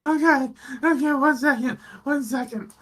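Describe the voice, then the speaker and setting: A co-host doing a clumsy sketch-comedy pilot who keeps apologizing, pitched far higher than the co-host's own voice and rushing his words. He is frantic and flustered, and the voice sits distant from the mic. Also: close to an everyday voice.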